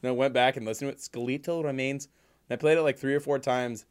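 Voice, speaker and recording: A young man, a podcast co-host, telling a story in casual chat, animated and swearing freely. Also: medium pitch, racing, clean tone.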